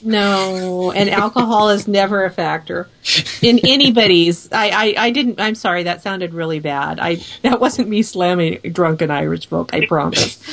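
Woman radio co-host, mid-pitched, casual jokey banter. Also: normal speed, slight background noise. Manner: joking, self-deprecating banter. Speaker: co-host of a paranormal radio show. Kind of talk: casual chat.

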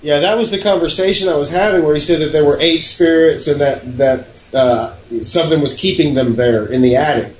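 Man, fairly high voice, joking, laid-back, echoey room, faint hiss. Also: brisk, hardly any pauses. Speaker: guest, paranormal investigator. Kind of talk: casual chat.

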